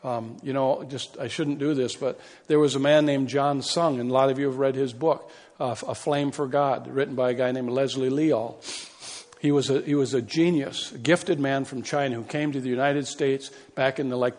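A man's voice: medium pitch, steady tone, normal speed, darkish tone. A man preaching a sermon as pastor, impassioned and building to emphatic peaks. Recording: long hall reverb.

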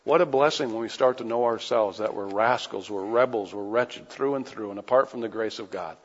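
A man's voice: lowish voice, brisk. Guy preaching a fired-up sermon, lots of questions at the crowd, long echo, muffled lo-fi sound. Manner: impassioned, with rhetorical questions. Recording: echoey hall, dull lo-fi sound.

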